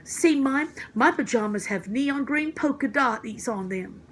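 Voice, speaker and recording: A woman's voice: sits high, animated, a little slow, a little hiss or hum. Woman doing an eager little girl.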